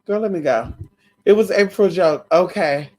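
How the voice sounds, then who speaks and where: A woman's voice: lowish voice, expressive, normal speed, darkish tone. A tired woman hosting a casual live stream, chatting to her viewers and calling them girl and honey.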